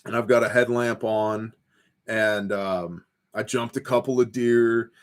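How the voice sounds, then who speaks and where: A man's voice: medium pitch, fairly even intonation, measured pace. A man hosting a casual livestream from his home porch, reading viewer comments aloud and telling rambling stories with lots of fillers. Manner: laid-back, rambling storyteller with fillers. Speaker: host of a prepper livestream.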